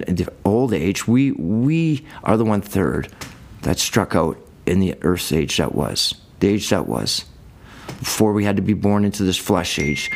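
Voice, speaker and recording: A man preaching a sermon, reading verses and explaining them in a loose, conversational way. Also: on the low side. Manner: colloquial, conversational Bible teaching.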